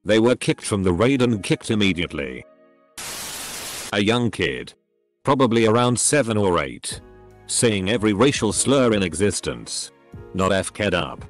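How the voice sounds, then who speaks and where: A man's voice: on the low side, big pitch swings, a little slow, faint music behind. A man reading online stories aloud as a channel narrator, spelling out abbreviations letter by letter.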